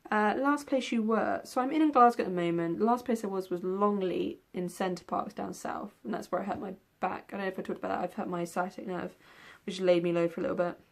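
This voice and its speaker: Her medium-pitched voice fairly quick and touched with vocal fry, a young book vlogger runs through tag questions with hardly a pause. She rambles casually, leaning on ums and letting out the occasional yawn.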